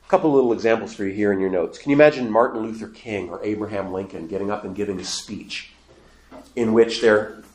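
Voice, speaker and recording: A man's voice: medium pitch, slight background noise. Man preaching in an echoey room. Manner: animated, rising to emphatic quoted lines. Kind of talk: sermon.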